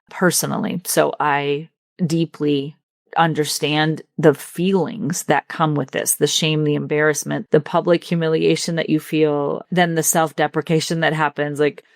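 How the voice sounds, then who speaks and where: A woman with a notably low voice hosts her own coaching podcast. She speaks earnestly and with empathy, drawing out the words she wants to land. The recording is dry and close, with no room sound. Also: little pitch movement, gravelly, dry recording. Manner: earnest, empathetic, slows down to stress points. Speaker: leadership coach and podcast host. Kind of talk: solo podcast coaching talk.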